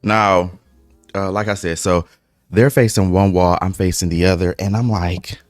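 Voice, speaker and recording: Deep-voiced man telling a profane story. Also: steady tone, moderate pace, no room sound, faint music behind. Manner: speaks through eating breaks. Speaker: mukbang vlogger. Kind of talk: casual storytime while eating.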